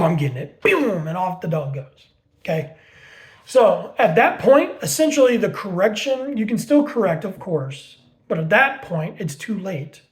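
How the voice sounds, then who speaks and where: A man's voice: sits high, a little mellow. Blunt, swearing man explaining dog training. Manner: blunt, swears freely, explains with homemade analogies; repeats words for emphasis. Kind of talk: casual teaching talk.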